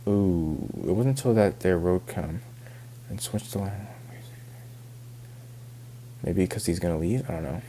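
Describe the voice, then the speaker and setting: A man's voice: low-pitched, measured pace, long pauses, warm tone, a little hiss or hum. A young man reading a novel aloud and stopping to puzzle over words, muttering, cursing and dropping into whispers. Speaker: reader.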